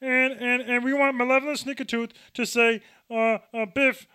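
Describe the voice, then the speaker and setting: A man's voice: very high voice, little pitch movement, normal speed, sharp tone, clean tone, voice pushed up. A man voicing a male frog puppet in a mocking, exaggerated parody.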